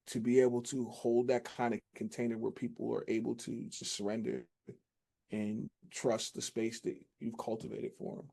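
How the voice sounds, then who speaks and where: Male host, mellow warm voice, thoughtful and affirming. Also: medium pitch. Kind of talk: interview conversation.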